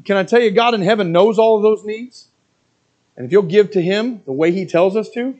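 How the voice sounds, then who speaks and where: A man's voice: high voice, brisk, dull audio. A middle-aged male pastor preaching a sermon, earnest and plain, who slips into mocking asides as he quotes reluctant givers.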